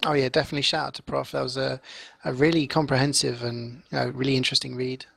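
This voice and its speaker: A man's voice: mid-range voice, little pitch movement, fast talker, creaky, fairly bright tone, dry recording. A man casting a game, chatting casually and laughing easily over online voice chat. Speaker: caster. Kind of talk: casual post-match chat.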